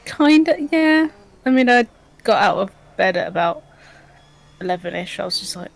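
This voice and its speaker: A woman's voice: mid-range voice, lively intonation, normal speed, gravelly, long pauses. A woman chatting casually on a game livestream, reading out viewer comments, hesitant with lots of ums and giggles. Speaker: livestream co-host.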